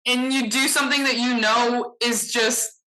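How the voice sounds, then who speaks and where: Woman podcast guest, bright voice, animated storyteller, casual. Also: fairly high pitch, a little slow, rough recording. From Chicago area. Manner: animated anecdote teller with lots of "like".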